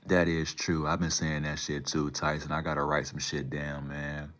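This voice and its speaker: Man, very low voice, flat delivery, casual livestream rambling, slangy. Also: normal speed. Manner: rambling, slangy, talks back to chat. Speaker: livestream host.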